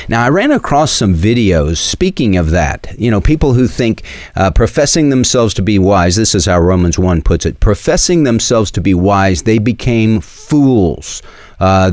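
A Southern man with a very deep, low voice delivers preachy talk-radio commentary. He speaks earnestly, stumbles through fillers and restarts, and sounds close and dry on the mic. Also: darkish tone, no room sound. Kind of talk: opinion commentary with scripture.

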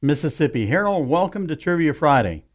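A man's voice: a little high, sing-song, brisk. A man co-hosting a radio call-in show, taking callers in an easygoing, wry way in a studio. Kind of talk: casual radio call-in banter.

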